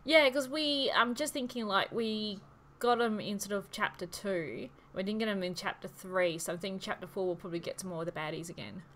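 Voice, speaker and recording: A woman co-hosting a casual fan discussion, agreeable and quick with short affirmations. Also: mid-range voice, fairly bright tone. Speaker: co-host.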